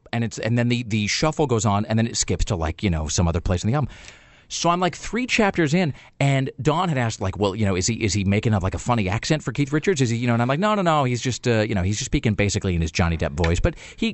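A man's voice: medium pitch, no echo. A man hosting a radio show, rambling through a story with lots of fillers in a casual banter style.

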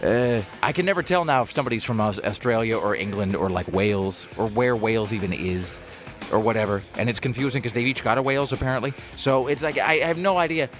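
A man's voice: mid-range voice, quick pace, fairly bright tone, soft background music. Rambling man telling a story. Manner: rambling, self-interrupting, lots of fillers. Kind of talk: casual storytelling chat.

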